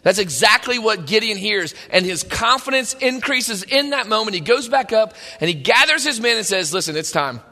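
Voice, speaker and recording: A man preaching a sermon, retelling a story in an animated, conversational way. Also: sits high, moderate pace, few pauses. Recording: long hall reverb.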